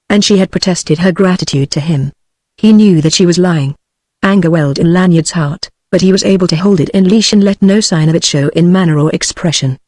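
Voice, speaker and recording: A text-to-speech woman's voice with a British English accent, reading a novel aloud in an even, uninflected way, giving every character the same voice. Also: on the low side, fairly quick, no room sound. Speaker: audiobook reader. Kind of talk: synthetic audiobook narration.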